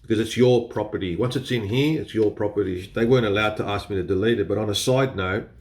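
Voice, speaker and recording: A man's voice: lowish voice, fast talker, a little mellow. A man with an Australian accent chatting casually to camera as a photography vlogger, laughing often and swearing a little. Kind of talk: casual explainer talk to camera.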